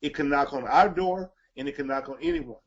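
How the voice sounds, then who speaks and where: A middle-aged man with a fairly high voice delivers a preaching talk to fathers. He repeats his points for emphasis. The recording sounds dull and lo-fi. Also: brisk. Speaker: guest speaker. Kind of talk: encouraging show talk.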